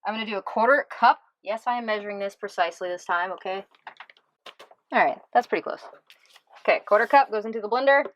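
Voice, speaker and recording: A woman's voice: medium pitch, fast talker, dry recording, poor audio. A woman hosting a casual cooking vlog as a plant-based chef, upbeat and chatty, from the US East Coast.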